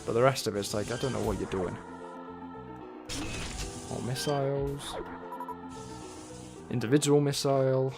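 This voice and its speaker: A man's voice: mid-range voice, fairly even intonation, unhurried, long pauses. A man streaming a game, giving casual, wry, rambling commentary as he plays and talks to himself. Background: faint game music.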